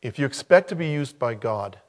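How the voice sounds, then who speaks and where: A man's voice: mid-range voice, animated, brisk. A man preaching a sermon as a pastor, emphatic and repeating key phrases for weight.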